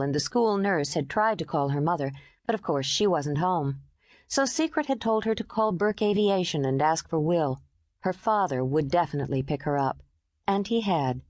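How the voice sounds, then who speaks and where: A woman narrates a novel in a smooth, storytelling manner. Her voice sits a bit low but rises and falls with lively expression. The studio recording is dry and close. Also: no room sound. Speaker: audiobook narrator. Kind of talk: scripted audiobook narration.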